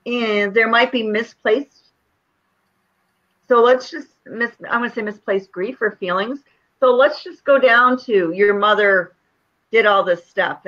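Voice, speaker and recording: A woman guest speaks as a grief counselor, earnest and reassuring as she lays things out. Her voice is bright and forward, though the recording is slightly muffled and lo-fi. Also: mid-range voice. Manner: earnest and reassuring, explaining step by step. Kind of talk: interview answers. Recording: dull lo-fi sound.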